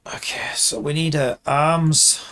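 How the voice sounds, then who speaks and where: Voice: medium pitch, fairly even intonation, slow pace, a bit bright. A game developer vlogging while working, muttering and swearing in constant exasperation, often trailing off and restarting sentences. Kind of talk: casual dev vlog commentary while working.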